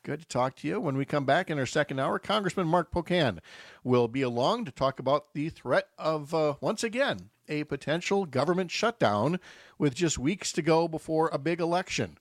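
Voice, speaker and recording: A man's voice: a little high, expressive, moderate pace, no echo, clean studio sound. Chatty man in his fifties hosting radio. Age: 50s. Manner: chatty, jokey, loose with fillers. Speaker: radio morning show host. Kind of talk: casual radio chat.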